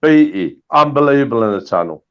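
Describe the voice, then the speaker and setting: A man swapping old anecdotes in a casual chat, animated and full of restarts. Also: mid-range voice, a little fast, gravelly, clear, resonant tone, lo-fi sound. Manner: animated storytelling with repeated restarts. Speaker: guest storyteller.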